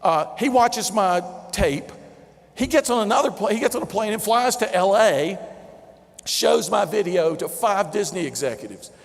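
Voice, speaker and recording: A man with a Southern accent giving an animated keynote speech to a large audience, chuckling as he tells his stories. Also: high voice, moderate pace, creaky. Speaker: motivational keynote speaker. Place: large convention center hall before a big audience. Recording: long reverb of a big convention hall.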